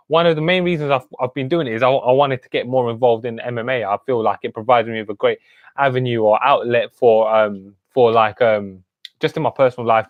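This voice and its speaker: A man in his twenties hosts a casual live-stream chat. He rambles chattily and greets viewers with street slang, at an average pitch. The recording is dull and dry, like a webcam mic. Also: dry recording. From United Kingdom. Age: 20s. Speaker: host.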